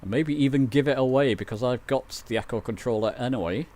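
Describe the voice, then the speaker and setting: A man's voice: mid-range voice, quick pace, a little mellow. Chatty man streaming a flight sim. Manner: chatty, rambling, self-mocking. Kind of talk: casual livestream chat.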